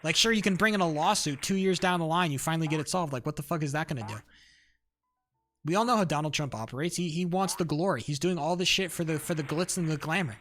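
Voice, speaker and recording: A man's voice: a little high, quick pace, a bit bright, slight background noise. A young man streamer ranting in casual chat, heated and rambling, full of fillers, restarts and swearing. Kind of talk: casual livestream rant. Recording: faint music behind.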